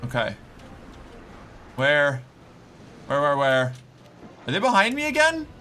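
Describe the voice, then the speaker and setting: A man streaming a game, giving anxious commentary, swearing and talking himself calm with repeated phrases. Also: a little high, takes it slowly, a little hiss or hum. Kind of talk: gameplay commentary.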